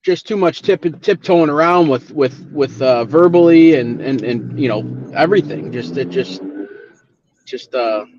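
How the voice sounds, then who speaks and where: A man's voice: medium pitch, measured pace, a little mellow, dull audio, slight background noise. A man hosting a casual chat, rambling with many restarts and swearing when riled. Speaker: show host, wedding DJ.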